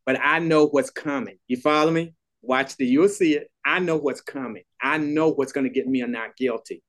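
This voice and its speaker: An older man tells a courtroom story with a seasoned trial lawyer's ease. He is animated and acts out the voices of the people he quotes. His voice sits in an ordinary middle pitch. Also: normal speed. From Texas. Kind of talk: storytelling in a podcast interview.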